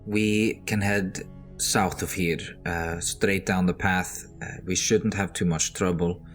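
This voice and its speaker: A man playing a tabletop role-playing game, speaking hesitantly with many pauses. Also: deep voice, flat delivery, faint music behind. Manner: hesitant, many fillers and restarts. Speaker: player.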